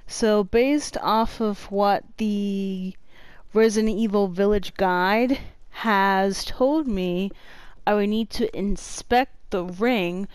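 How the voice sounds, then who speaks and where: A woman narrating a horror game as she plays, swearing a lot and moving from flat muttering to panicked yelps. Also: medium pitch, slow, clear, resonant tone, no room sound. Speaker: gamer. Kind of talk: let's play commentary.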